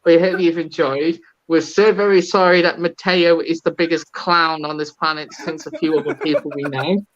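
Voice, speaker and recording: A man's voice: a little high, flat delivery, normal speed, muffled recording. A man hosting a live podcast, chatting in a rambling, playful way. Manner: rambling, playful, apologetic wrap-up. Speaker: podcast host.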